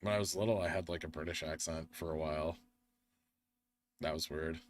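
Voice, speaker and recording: A man's voice: a bass voice, steady tone, fairly quick. A tired young man from the United States hosting a live stream, rambling casually while he reads the chat and the charts. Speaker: livestream host.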